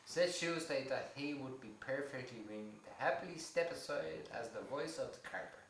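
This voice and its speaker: A man's voice: medium pitch, brisk, fairly bright tone. A man co-hosting a casual chat, ranting bluntly and swearing freely. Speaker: podcast co-host. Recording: echoey room with noise.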